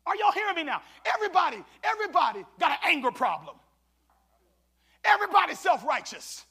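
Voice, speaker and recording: A man preaching a sermon as pastor, swinging from shouted exhortation to hushed asides, with colloquial church call-and-response. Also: extremely high pitch, sing-song, brisk.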